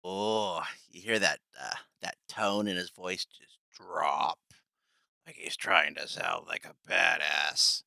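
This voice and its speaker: Streamer, male: gravelly, slow, sarcastic, casual swearing, bright dry tone. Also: sits low, fairly even intonation, no room sound. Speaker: streamer commenting on clips. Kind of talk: live stream commentary.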